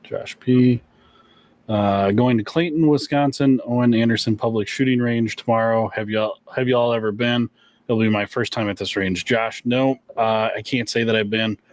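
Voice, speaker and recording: A man's voice: mid-range voice, steady tone, normal speed, no echo. A man hosting a gun shop livestream, reading viewer questions in a laid-back, chuckling way with lots of fillers.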